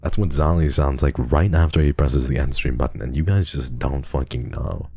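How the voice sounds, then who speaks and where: A male streamer who is unwell, chatting casually on a livestream while reading donations, soft and drowsy in tone, often trailing off. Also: a bass voice, normal speed, husky, no echo.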